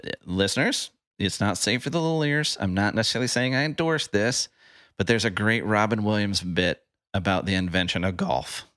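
A man's voice: on the low side, a little fast, a bit bright, no echo, clean studio sound. A man hosting a podcast, chatting casually and rambling, repeating words and often tagging "right?" on the end. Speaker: podcast host.

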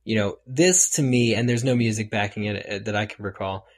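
A man co-hosting a casual podcast discussion, talking in an animated way that rises when he gets excited. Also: fairly low pitch, brisk. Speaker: podcast co-host. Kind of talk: casual chat.

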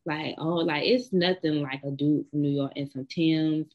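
A woman's voice: sits low, steady tone, normal speed, highs cut off. A woman with a Southern US accent, co-hosting a casual chat and telling bold, blunt stories. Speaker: podcast co-host.

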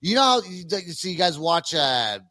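A man's voice: sits high, sing-song, normal speed, pushed and bright, no room sound. A man hosting a casual interview, loose and joking, swearing freely. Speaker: podcast host.

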